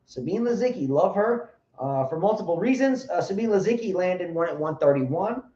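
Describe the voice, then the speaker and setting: High-voiced, animated man on a live tennis stream. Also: normal speed, a little hiss or hum. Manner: animated, loose and profane, hypes up the chat. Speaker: co-host of a live tennis chat show. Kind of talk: casual live-stream chat. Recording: roomy, dull lo-fi live-stream audio.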